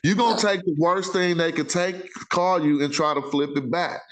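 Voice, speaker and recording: Dude hosting a chill talk show, kinda high voice, rambly slang, keeps restarting himself. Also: male voice, moderate pace, a bit bright. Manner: loose, rambling street talk with self-interruptions. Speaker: podcast host. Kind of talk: casual chat.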